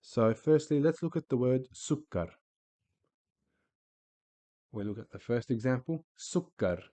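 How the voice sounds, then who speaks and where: A man teaching a lesson in a patient way, saying example words slowly and repeating them. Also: medium pitch, dark tone, no room sound. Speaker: Arabic teacher. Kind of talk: recorded teaching voice-over.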